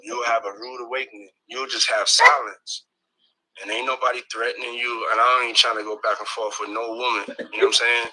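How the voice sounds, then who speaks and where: A man's voice: medium pitch, level tone, fairly quick, bright, forceful tone, rough recording. A man leaving a blunt voice message, repeating himself and stumbling over his words. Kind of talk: recorded voice message.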